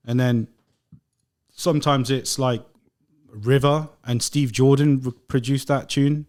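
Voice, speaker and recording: A man, a musician guest, talks in a relaxed, rambling way during a casual interview. He laughs often and trails into fillers as he recalls things. His voice sits at an average pitch for a man. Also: slow.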